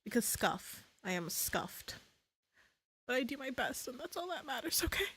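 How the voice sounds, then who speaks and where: A woman's voice: high voice, big pitch swings, normal speed, a bit bright, slightly rough. A woman streaming live in casual chat, playful, laughing often and swearing freely.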